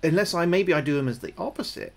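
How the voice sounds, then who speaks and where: A British man streaming a game live, talking through each move, often repeating himself, thanking his viewers and getting jumpy and loud when spooked. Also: fairly high pitch, lively intonation, fast, vocal fry. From United Kingdom. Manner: chatty, repeats his own phrases, thanks viewers between moves. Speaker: gaming livestreamer. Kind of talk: live gameplay commentary.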